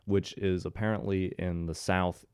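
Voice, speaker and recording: A man's voice: sits low, flat delivery, moderate pace, darkish tone, smooth, dry recording, studio quality. A young man from Ohio in his twenties, telling a story to his viewers in a casual way, with sarcastic asides. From Ohio, USA. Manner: jokey, sarcastic asides to the audience. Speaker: commentary host.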